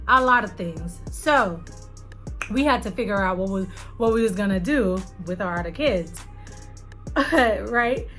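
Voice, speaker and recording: A young adult woman vlogger telling a personal story to her viewers in an animated, chatty way. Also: mid-range voice. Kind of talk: casual storytelling to camera.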